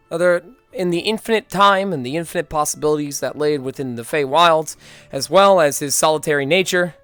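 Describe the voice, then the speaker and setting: A man streaming live, chatting casually and excitedly to his viewers before a roleplay. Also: a little high, smooth, no room sound. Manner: excitable, loose and chatty with swearing. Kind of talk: casual livestream chat.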